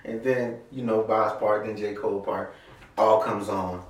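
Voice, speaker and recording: A man's voice: lowish voice, steady tone, unhurried, recorded from a distance. Young dude chatting with his friends, kinda sheepish and laughy, roomy echo, off-mic. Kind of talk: casual chat among friends. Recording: echoey room, off-mic.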